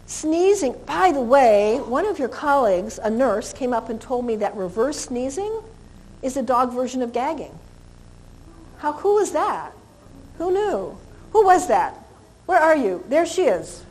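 A woman lecturing a live seminar audience on dog behavior, animated, imitating animal and human sounds and asking the room questions. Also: sits high, measured pace.

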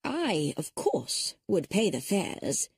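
A woman's voice: medium pitch, wildly swooping pitch, takes it slowly, vocal fry, husky, no echo, studio quality, full character voice. A woman voicing an elderly spinster detective who speaks mildly and politely and reasons things through carefully. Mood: gentle, reasoning. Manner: mild, polite, thoughtful reasoning. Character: elderly spinster sleuth, gentle yet sharp-witted. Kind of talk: audiobook character reading.

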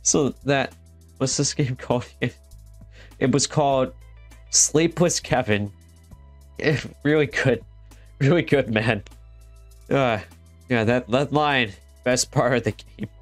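A man's voice: medium pitch, slow, pauses often, faint music behind. A man commenting as he plays horror games, joking and laughing easily and chatting to the characters on screen. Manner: jokey, laughs easily, talks to the game characters. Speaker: gaming video host. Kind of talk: horror game let's play commentary.

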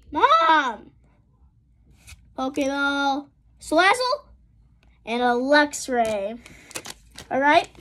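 A woman vlogging a trading card unboxing, reading out card names and exclaiming over the good pulls. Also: high voice. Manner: excitable, gasping and exclaiming at pulls; reads card names in a list. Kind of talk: casual unboxing commentary.

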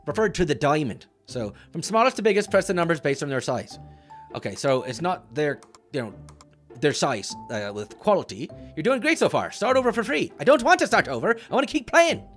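A man's voice: high-pitched, fairly bright tone. A man voicing a clumsy, short-tempered male leprechaun, commenting on a game and boasting while getting annoyed. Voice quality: boastful, bouncy, quick to get annoyed. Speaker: let's-play host. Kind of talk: cartoon character game commentary.

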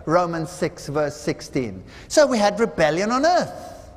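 A man's voice: high voice, sing-song, measured pace. A man preaching a seminar sermon, telling parables with dramatic voices for the people in them. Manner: dramatic storytelling, acts out quoted voices. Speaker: seminar speaker. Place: large hall. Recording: reverberant hall.

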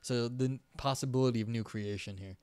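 Male livestream host, middle-pitched, reads passages then muses loosely in asides. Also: steady tone, fairly quick, a little mellow, clean tone, no room sound. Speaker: livestream host reading and analyzing texts. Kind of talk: reading aloud with casual commentary.

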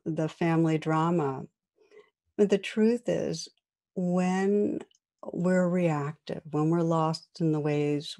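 A woman meditation teacher leading a guided reflection and talk, speaking gently and unhurriedly with soft pauses. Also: fairly low pitch.

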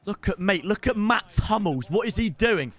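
A young man commentating live on his own gameplay as a streamer, excitable and swinging between hype and groans. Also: sits high, normal speed, shouting. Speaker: gaming streamer.

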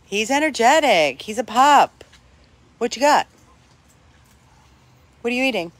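An older dog rescuer chatting at home while playing with a puppy, breaking into high coaxing calls to the dog. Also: expressive, a little slow, fairly bright tone, no echo. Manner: talks to the dog in high coaxing calls between plain remarks. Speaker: dog rescuer showing a dog for adoption. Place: home with a dog, in hot weather.

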